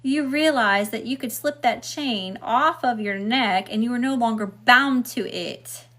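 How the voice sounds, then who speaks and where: A woman's voice: fairly high pitch, measured pace, sharp tone, slight background noise. Emphatic woman giving a tarot reading. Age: middle-aged. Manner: emphatic, repeats "okay?" and "right?", swears freely. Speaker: tarot reader. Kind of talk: casual spiritual tarot reading.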